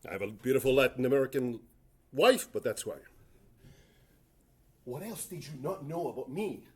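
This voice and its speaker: A man's voice: medium pitch, lively intonation, normal speed, a little mellow. Guy giving a conference tech talk, keeps cracking jokes at himself, rambles a lot. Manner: rambling, self-mocking, jokey asides. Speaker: conference presenter. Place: conference room.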